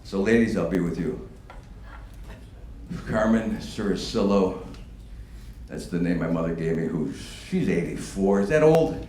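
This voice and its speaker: A stand-up comedian works a comedy stage before a live audience, brash and profane, with animated bursts and widely swinging pitch. His pace is measured, he pauses often, and his voice rings through an echoey room over loud background noise.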